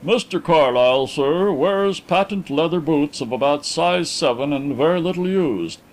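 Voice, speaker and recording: A man's voice: on the high side, normal speed, lightly acted, rough recording. A man doing a deferential, precise manservant.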